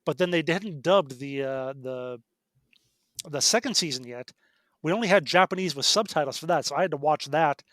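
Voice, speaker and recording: This man speaks at a normal speed in a fairly high, somewhat bright voice, recorded dry. He's a middle-aged game designer on a podcast, rambling through stories in casual chat and frequently correcting or restarting himself.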